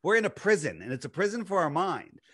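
A man's voice: high voice, sing-song, fast talker, fairly bright tone, slightly rough. A man talking casually as a podcast guest, explaining his ideas at length in a lecturing way, with many restarts.

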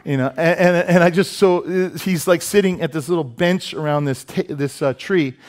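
A male pastor preaching a sermon, telling stories with lively asides and self-deprecating humor. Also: a little high, normal speed. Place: church sanctuary.

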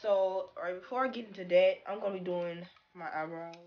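A young woman chatting casually in a product review vlog. She talks stiffly with little mouth movement and sounds a bit flat. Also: on the low side, a little fast, highs cut off, a little hiss or hum. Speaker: beauty vlogger.

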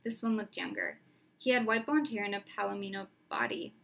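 A woman narrating a storybook aloud in a steady, expressive way. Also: mid-range voice, fairly quick, vocal fry. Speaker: reader.

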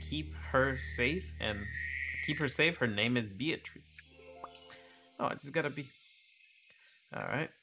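A man's voice: mid-range voice, sharp tone, slight background noise. A man giving casual gameplay commentary and reading game text aloud with chatty asides. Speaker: gaming video creator.

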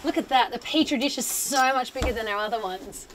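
Excitable high-voiced woman scientist. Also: fairly quick, a little hiss or hum. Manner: excitable, exclaiming. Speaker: marine scientist. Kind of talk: live field commentary. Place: outdoors on a boat at sea.

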